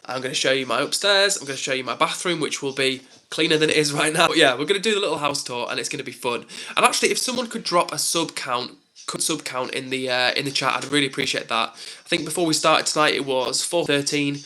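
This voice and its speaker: A man's voice: a little high, fast talker, pushed and bright. A young man on a live stream, chatting casually and reading out comments with lots of "like" and "um".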